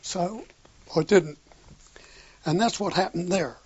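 A man's voice: high voice, takes it slowly, darkish tone, breathy edge, no room sound. An older man telling a wartime anecdote in an oral history interview, acting out the dialogue with a chuckle now and then. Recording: dull lo-fi recording.

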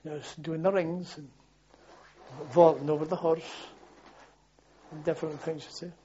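A man's voice: on the high side, fairly even intonation, normal speed, mellow. An older man, recalling his army days in a rambling way, repeating words and chuckling. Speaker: interviewee recalling army service. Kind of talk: oral history reminiscence. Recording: dull lo-fi archive tape.

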